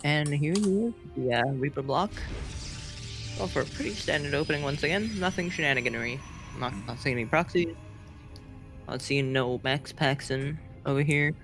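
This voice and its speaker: A man casting a live video game match in a soft-spoken, relaxed and playful way. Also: a little high, normal speed, soft background music. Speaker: esports caster.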